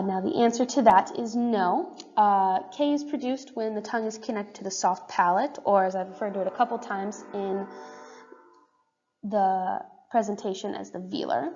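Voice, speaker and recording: A woman's voice: medium pitch, unhurried, darkish tone, soft background music. A young woman student giving a class presentation, explaining in a casual way with frequent fillers. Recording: dull roomy recording with long reverb.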